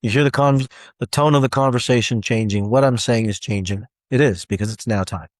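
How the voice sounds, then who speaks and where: Male motivational speaker in his forties, rambling and animated, mid-pitched voice, recorded dry and close. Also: brisk, dry recording. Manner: animated, rambling storytelling with repeated restarts. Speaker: self-help speaker. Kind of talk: motivational monologue.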